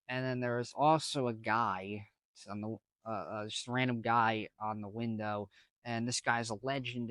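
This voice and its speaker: A man's voice: medium pitch, fairly bright tone, no echo. A man casually telling a story to camera, rambling with slang and many restarts. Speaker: vlogger.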